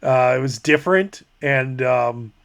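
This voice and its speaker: A man's voice: mid-range voice, unhurried, creaky, a bit bright. A man hosting a channel, casually reacting to an interview clip, chuckling and musing aloud to his viewers. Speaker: channel host.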